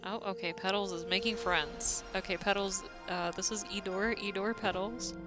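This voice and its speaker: A young woman from the Southern US with a Southern accent, streaming a game and chatting casually as she answers messages from her chat. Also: mid-range voice. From Southern United States. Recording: music playing behind the voice.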